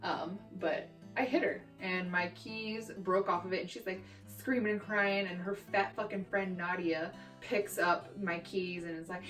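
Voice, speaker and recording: A woman's voice: lowish voice, normal speed, hardly any pauses. Brash, foul-mouthed young woman from Texas. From Texas, USA. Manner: brash, profane, animated storytelling. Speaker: vlogger. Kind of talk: storytime vlog. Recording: roomy echo, distant mic, faint guitar music.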